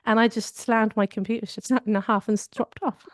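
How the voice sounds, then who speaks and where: A woman's voice: a little high, level tone, a little fast, no echo. Candid woman co-host, dry close sound. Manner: reflective, candid storytelling. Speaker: podcast co-host. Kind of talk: casual conversational chat.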